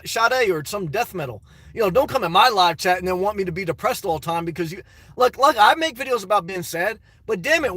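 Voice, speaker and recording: A man's voice: extremely high pitch, bright, forceful tone, no room sound. A middle-aged man chatting casually on a live stream from his parked car, reading out viewers' messages and calling them brother.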